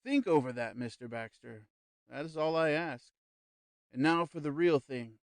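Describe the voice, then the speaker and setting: A man voicing a calm, persuasive male spirit medium in an audiobook, speaking slowly, smoothly and quietly. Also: a little high, no room sound. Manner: slow, smooth, quiet, reassuring. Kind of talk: audiobook character reading.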